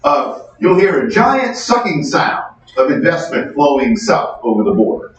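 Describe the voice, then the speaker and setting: A man's voice: on the high side, sing-song, measured pace. A man doing a Texas-accented impression of a folksy male politician, in a distant, echoey lecture hall recording. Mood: warning.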